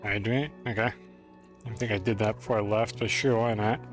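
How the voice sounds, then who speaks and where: A man's voice: lowish voice, steady tone, fairly quick, faint music behind. A man streaming a game, chatting casually with his viewers in a rambling, self-deprecating way. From United States. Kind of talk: casual live-stream chat while playing.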